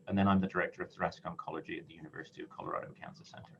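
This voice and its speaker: A male oncologist moderates a medical panel, measured and pausing often. His voice is fairly low. The audio is dull and lo-fi, with faint noise underneath. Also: big pitch swings, vocal fry. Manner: measured, with frequent filler pauses.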